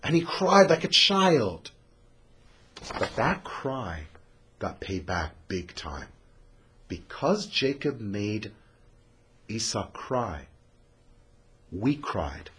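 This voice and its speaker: A man teaching a scripture lesson, dramatic, swinging from loud to hushed. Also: on the low side, sing-song, drawn-out words, long pauses, slight background noise.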